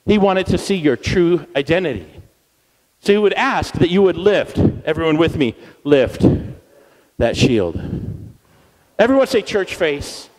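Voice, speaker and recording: An energetic man leads a church crowd through chants and call-and-response in a high, bright voice that swoops up and down. His words ring out with a long reverb through the church hall. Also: unhurried. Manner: energetic and playful, leading the crowd in repeated chants. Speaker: guest speaker at a church service.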